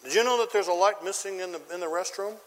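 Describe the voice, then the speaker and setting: A man's voice: high voice, fast talker, big-room sound. A man preaching a sermon as pastor, emphatic and quizzing his congregation with questions. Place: church.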